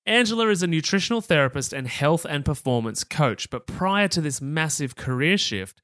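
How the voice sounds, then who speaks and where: A man's voice: on the high side, lively intonation, normal speed, a bit bright, no room sound, studio quality. A man hosting a health podcast interview in an upbeat, chatty way, laughing easily. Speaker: podcast host.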